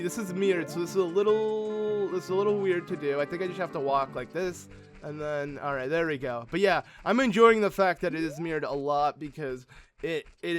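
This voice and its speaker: Friendly, chatty male gamer host, a bit high-pitched, rambling commentary over soft game music. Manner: chatty, rambling, self-correcting, talks to viewers as friends. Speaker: let's play host. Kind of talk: casual gameplay commentary.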